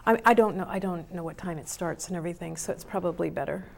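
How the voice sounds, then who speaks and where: A woman co-hosting a call-in talk show, her voice carrying a gravelly fry. She speaks gently and offers encouraging advice. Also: fairly low pitch, quick pace. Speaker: co-host.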